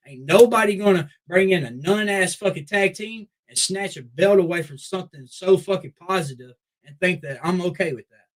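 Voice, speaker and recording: A young man, a wrestler, telling a long story in a casual, profane, animated way with many restarts. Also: high-pitched, brisk, low-quality recording. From Memphis Mid-South area. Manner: profane, animated, repeats "I was like". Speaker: wrestler guest.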